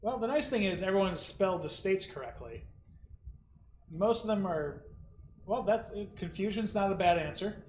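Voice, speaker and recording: A man with a slightly high voice co-hosts a casual trivia night. He chats loosely, wanders into side stories and stacks up fillers, with faint noise heard behind him. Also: expressive, moderate pace, a little mellow. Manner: rambling, chatty, full of fillers and tangents. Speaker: trivia co-host.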